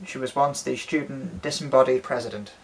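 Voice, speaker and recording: A man's voice: medium pitch, fairly quick, gravelly, crowd noise, rough recording. A man chatting casually at home about his collection, rambling with lots of ums and frequent swearing. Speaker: doll collector and co-host. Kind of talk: casual chat showing a collection.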